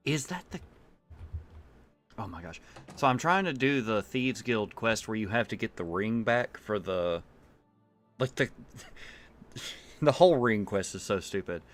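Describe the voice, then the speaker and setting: A man's voice: lowish voice, expressive, a little slow, pauses often, faint music behind. A man streaming a video game and chatting casually, rambling with fillers and laughs. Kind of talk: casual chat while playing.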